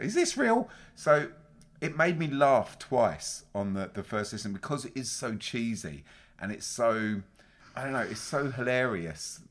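A man co-hosting a casual podcast chat, sweary, teasing and animated. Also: lowish voice. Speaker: podcast co-host.

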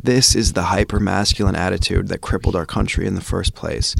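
A man's voice: low voice, steady tone, moderate pace, creaky, few pauses, slightly rough. A man hosting a podcast, giving an intense, rhythmic spoken-word monologue that sometimes drops into a whisper. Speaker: podcast host.

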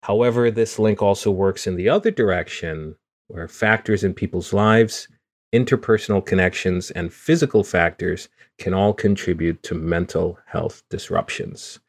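A man's voice: low voice, moderate pace, no room sound, studio quality. A man hosting a podcast in a casual, joking, self-deprecating way. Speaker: podcast host. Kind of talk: casual chat.

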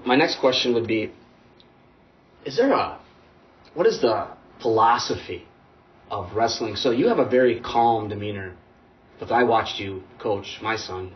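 Eager male podcast host, distant mic. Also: fairly low pitch. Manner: self-described emotional, eager questioner. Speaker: podcast host, wrestling parent. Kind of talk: casual podcast conversation. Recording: distant and muffled.

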